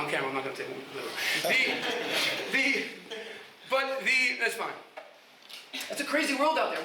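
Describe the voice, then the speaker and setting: A man, a guest rabbi, giving an animated informal talk to yeshiva students, often shouting, laughing and restarting his sentences. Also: sits high, distant mic, a little hiss or hum. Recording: echoey room, speaker away from mic.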